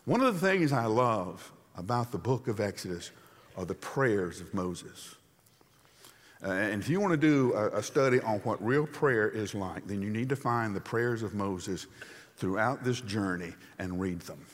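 A man's voice: fairly low pitch, measured pace. Man preaching in an echoing hall. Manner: conversational storytelling, animated. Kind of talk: sermon. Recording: long hall reverb.

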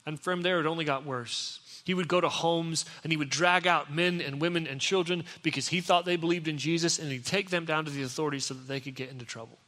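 A pastor giving a sermon, telling the story in a conversational way and acting out what people said. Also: male voice, on the high side, steady tone, quick pace, few pauses, sharp tone. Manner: storytelling, conversational, acts out quotes. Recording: echoey hall.

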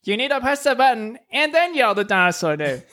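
A man voicing a bossy little robot mentor giving instructions, chirpy and raised in pitch, in a comedy podcast bit. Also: big pitch swings, a little fast, bright, forceful tone, exaggerated voice.

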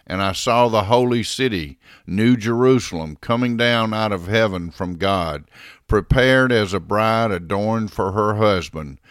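A man giving a scripted scripture reading in a measured, solemn, even delivery. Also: on the low side, no room sound, studio quality. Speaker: scripture reader.

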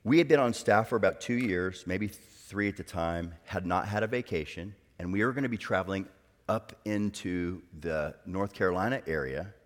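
A middle-aged man, a guest pastor, telling a personal story in a sermon, moving between hushed and loud bursts. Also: low voice, moderate pace. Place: church hall. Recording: long reverb of a large hall.

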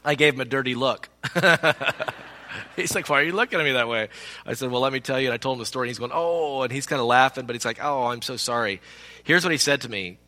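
A man preaching a sermon as pastor, telling a personal story in an animated way and acting out the people in it. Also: mid-range voice, fast. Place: church sanctuary. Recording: long reverb of a large hall.

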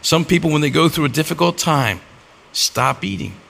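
Middle-aged pastor guy, real gravelly voice, a bit high, acts out stories while he preaches. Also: normal speed, fairly bright tone. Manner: storytelling with acted-out dialogue. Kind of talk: sermon.

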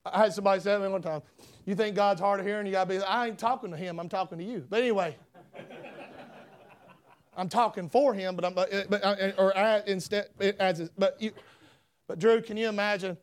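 A man preaching a sermon, loud and folksy with fervent emphasis. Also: sits high, fairly quick. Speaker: pastor.

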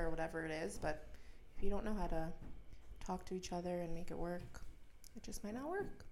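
A young woman co-hosting a podcast, telling a story in an animated way and laughing often. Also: fairly low pitch, brisk, pauses often, slight background noise. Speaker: podcast co-host. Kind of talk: casual storytelling chat.

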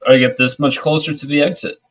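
A man's voice: fairly high pitch, fairly even intonation, fast talker, fairly bright tone, highs cut off. An easygoing man playing a tabletop game who often laughs as he talks. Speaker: player.

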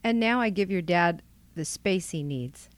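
Low-voiced middle-aged woman, candid and reflective. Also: expressive, measured pace, no room sound. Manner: candid and reflective, with frequent ums and trailing phrases. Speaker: guest, wife. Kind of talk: reflective podcast interview.

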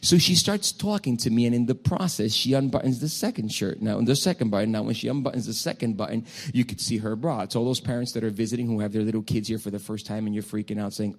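Male pastor preaching, animated storyteller, keeps restarting his sentences. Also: medium pitch, fairly quick. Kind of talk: sermon.

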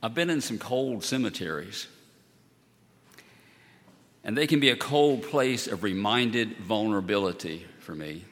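Low-ish bright-voiced pastor guy preaching slow and solemn, lots of church echo. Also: lively intonation. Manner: measured, solemn, emphatic repetition. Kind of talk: sermon. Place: church sanctuary. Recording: long church hall reverb.

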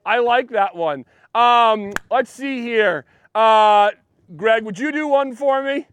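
A man's voice: very high voice, slow pace, a bit bright, clean tone. A man preaching a casual sermon in a church, chatty and joking with the congregation. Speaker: pastor.

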